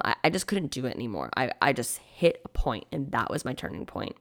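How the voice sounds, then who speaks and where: A young woman hosting a podcast, candidly retelling a personal story in an animated way, with quoted asides and lots of "like". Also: rumbling low, a little fast, hardly any pauses. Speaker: podcast host.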